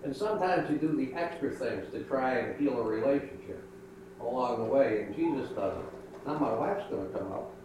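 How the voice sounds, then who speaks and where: A man's voice: mid-range voice, animated, moderate pace. An older man, a pastor, telling a folksy children's sermon about his granddaughter. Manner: folksy storytelling. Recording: echoey room, mic far off, noisy.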